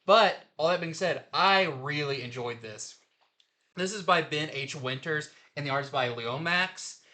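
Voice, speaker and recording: A man's voice: on the high side, unhurried, bright, forceful tone. A man giving a casual, rambling review of new comic books on a show he co-hosts. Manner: chatty, rambling retelling with fillers.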